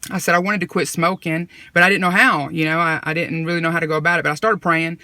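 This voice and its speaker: Woman, bright and crisp, close dry sound, chatty faith testimony storyteller. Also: on the low side, level tone, fast talker, no room sound. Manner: conversational, retelling dialogue with repeated "I said". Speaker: vlogger sharing a personal testimony.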